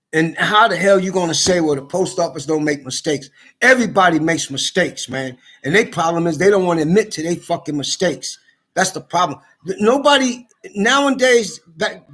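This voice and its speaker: Agitated rambling man, swearing and stammering. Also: on the high side. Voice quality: swears a lot, repeats himself, stammers. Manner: agitated, swings from loud outbursts to tired mutters. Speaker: vlogger. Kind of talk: angry rambling monologue.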